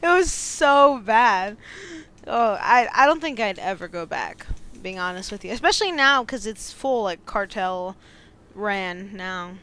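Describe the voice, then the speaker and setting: A young American woman on a podcast, telling animated stories and laughing often. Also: medium pitch, measured pace, smooth. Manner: animated storyteller, laughs often, says "like" and "dude". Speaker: podcast co-host. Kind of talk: casual chat.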